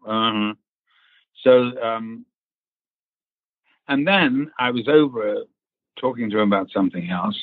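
A husky-voiced man spins a lively, profane showbiz anecdote, acting out the other people's lines as he goes. The sound is thin and phone-like, and the room is dry and close. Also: fairly low pitch, no room sound. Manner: animated storyteller who acts out quotes and laughs. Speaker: actor recounting a film casting. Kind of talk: casual anecdote, swearing freely. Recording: tinny phone-like line.

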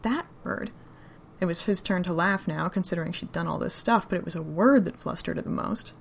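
Gravelly low-voiced woman narrating a story. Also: fast, a little hiss or hum. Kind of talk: fan fiction reading.

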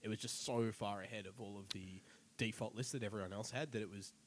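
A man chatting on a podcast among friends, his voice sitting on the low side. He talks in a relaxed, dry, wry way. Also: fast, slight background noise. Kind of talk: casual group chat.

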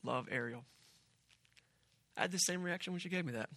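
Bright, lively man preaching a sermon. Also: high voice, rapid-fire, no room sound. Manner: animated, conversational preaching with asides. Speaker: pastor.

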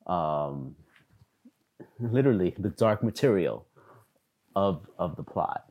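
Low-voiced man, halting and trailing off. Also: animated. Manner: hesitant, many restarts and fillers, trailing off quietly. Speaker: podcast co-host. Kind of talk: casual chat.

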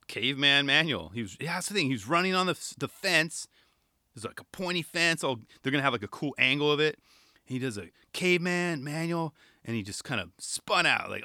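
A young man giving casual solo commentary on skateboarding, excitable and rambling, firing off rhetorical questions. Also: fairly high pitch, a little fast, dry recording, clean studio sound.

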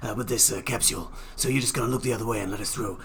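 A man's voice: lowish voice, racing, a bit bright, a little hiss or hum. A man playing a tabletop role-playing game, joking and playful as he talks. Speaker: player. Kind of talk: tabletop role-play banter.

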